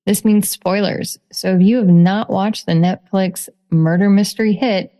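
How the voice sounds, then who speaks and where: A woman's voice: medium pitch, fairly even intonation, measured pace, warm tone. A woman hosting a casual podcast, chatting in a cheerful, playful way. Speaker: podcast host.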